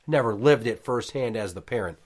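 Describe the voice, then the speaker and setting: Profane storytelling man, animated. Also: mid-range voice, fairly quick. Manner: profane, animated, acts out quotes. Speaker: podcast host. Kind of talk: casual storytelling.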